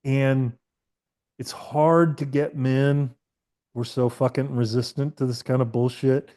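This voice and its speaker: A man's voice: mid-range voice, level tone, takes it slowly, mellow. A man in his fifties, a therapist guest on a podcast, telling stories casually with frank swearing and rambling restarts. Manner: profane, candid, rambling with restarts.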